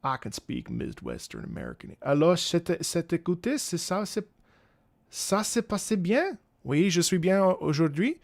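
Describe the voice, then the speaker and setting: A man's voice: sits high, huge pitch swings, moderate pace, gravelly, darkish tone. A man in his thirties, a streamer and opera singer, chatting casually and playfully with his viewers and stumbling through greetings in other languages. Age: 30s. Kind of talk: casual live-stream chat.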